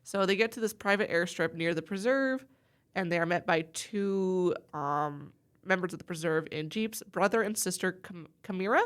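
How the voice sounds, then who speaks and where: A woman's voice: fairly low pitch, normal speed, smooth. A woman co-hosting a casual book podcast, bubbly, summarizing the story and laughing easily. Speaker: podcast co-host.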